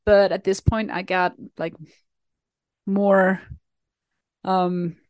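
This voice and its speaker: A young Swiss vlogger chats casually to her viewers, telling a self-mocking story full of fillers and restarts. Her medium-pitched voice is darkish and level, delivered very slowly, with no room sound.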